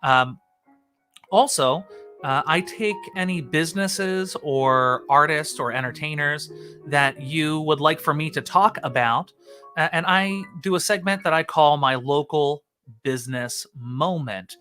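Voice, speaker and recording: A man's voice: fairly high pitch, measured pace, soft background music. A man hosting his own live stream, chatting casually with many "uh" fillers. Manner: chatty, frequent "uh" fillers, relaxed.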